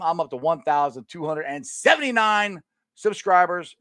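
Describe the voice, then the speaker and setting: Middle-aged man, sports vlog host, animated rambling delivery, dry close sound. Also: fairly high pitch, moderate pace, dry recording. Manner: chatty, rambling, laughs often. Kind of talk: casual talk to viewers.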